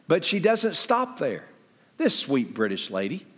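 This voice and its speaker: A man preaching a sermon as pastor, talking conversationally with lively jumps in pitch and quick asides. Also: big-room sound.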